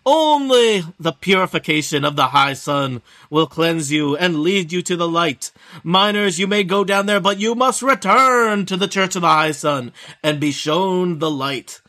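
A man's voice: sits high, unhurried, sharp tone, pitched above the performer's own voice. A man voicing a baby-faced young male priest who delivers grave sermons of warning. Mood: solemn sermon.

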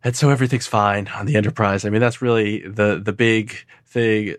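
Lower-voiced man rambling through a recap. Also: steady tone, normal speed, few pauses, no echo, studio quality. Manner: rambling, filler-heavy recap with frequent laughs. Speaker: podcast co-host. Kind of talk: casual chat recapping an episode.

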